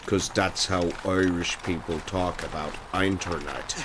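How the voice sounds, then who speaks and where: A man's voice: low-pitched, fairly even intonation, unhurried, few pauses, very noisy. A man giving casual, sarcastic commentary while playing a video game. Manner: sarcastic, mocking. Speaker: let's play host.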